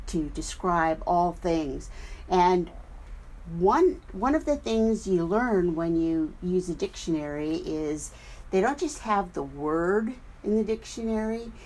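A woman minister giving a sermon at a spiritual center, explaining things deliberately and spelling out words as she goes. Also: mid-range voice, darkish tone, a little hiss or hum, poor audio.

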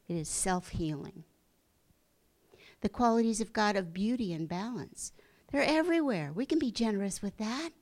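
Gentle woman with a lower voice. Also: creaky. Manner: gentle, earnest, with soft whispered emphasis. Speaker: spiritual speaker. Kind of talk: inspirational talk.

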